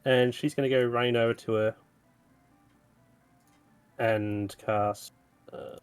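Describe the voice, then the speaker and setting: A man playing in a tabletop game, speaking slowly and hesitantly as he describes his turn. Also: mid-range voice, fairly even intonation, clean tone, soft background music. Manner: slow, hesitant. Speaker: player. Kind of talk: casual tabletop play.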